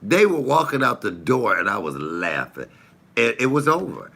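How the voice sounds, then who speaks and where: Animated laughing man with gravelly voice. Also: on the low side, moderate pace. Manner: animated, laughing, rambling anecdotes. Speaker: live stream host. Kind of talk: casual storytelling on a live stream. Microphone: phone.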